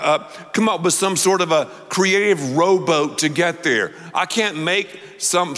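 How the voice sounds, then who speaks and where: A man with a somewhat high voice preaches a sermon with lively, animated delivery, drawing the congregation into call-and-response. A long hall reverb trails behind his words.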